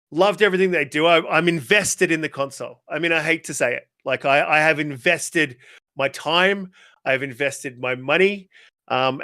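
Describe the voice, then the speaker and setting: Bright, forceful ranting male gamer. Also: a little high, dry recording, studio quality. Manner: ranting, profane, animated. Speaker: guest gamer. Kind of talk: casual interview chat.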